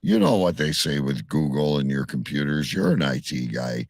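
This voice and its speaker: A middle-aged man co-hosting a casual chat, telling animated stories and swearing freely. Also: a bass voice, moderate pace, no echo.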